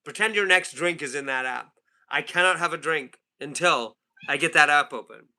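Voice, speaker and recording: A man's voice: a little high, normal speed, background noise. A man hosting a livestream group call, chatting casually and jokingly, often repeating himself. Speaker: livestream host.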